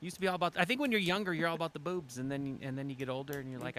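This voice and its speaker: A man's voice: on the high side, lively intonation, very fast, few pauses, bright, forceful tone, a little hiss or hum. A man co-hosting a podcast, teasing his co-hosts in joking casual banter. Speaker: podcast co-host.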